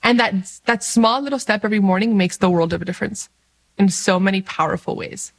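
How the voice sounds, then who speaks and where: A woman giving an upbeat, casual faith talk to camera, laughing often and slowing down earnestly for prayers. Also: mid-range voice, poor audio. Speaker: Catholic faith vlogger.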